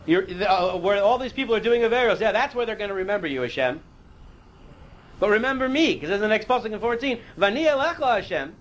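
A man's voice: very high-pitched, fairly bright tone, slight background noise, rough recording. A man teaching a Torah class, reading Hebrew verses and explaining them in a casual, conversational way, sometimes losing his place.

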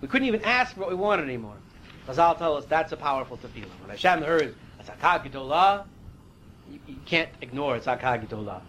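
A man's voice: on the high side, big pitch swings, fast talker, a bit bright, slight background noise, rough recording. A man teaching a Torah class, reading Hebrew verses and explaining them in a casual, conversational way, sometimes losing his place.

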